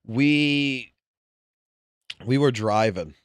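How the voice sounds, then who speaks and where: A man's voice: medium pitch, extremely slow, clean tone, no room sound. A man and father streaming live, telling a long, profane, rambling story and laughing through it. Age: adult with wife and children.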